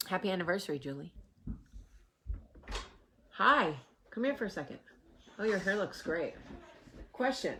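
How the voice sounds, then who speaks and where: A woman's voice: fairly low pitch, normal speed, long pauses, a little hiss or hum. A woman with a New Jersey accent hosting a casual home vlog, chatting to camera in her kitchen and calling out to her family. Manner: animated, shouts across the house, coos at the dog. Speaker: vlog host.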